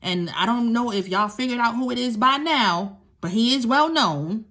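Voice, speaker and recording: A woman's voice: a little high, animated, normal speed, fairly bright tone. A young woman, a survivor of domestic violence, tells her story to listeners in candid, emphatic talk, repeating key phrases and speaking straight to them.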